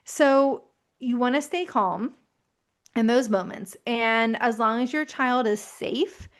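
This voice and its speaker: Woman in her 30s explaining parenting stuff, calm and reassuring, slightly high voice. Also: takes it slowly. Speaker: parenting educator. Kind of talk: parenting advice talk.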